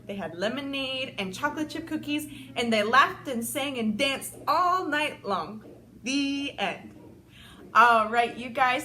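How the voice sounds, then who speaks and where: Lively, sing-song storytelling woman. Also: a little high, slight background noise. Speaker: children's gym instructor. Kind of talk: storytime reading for children.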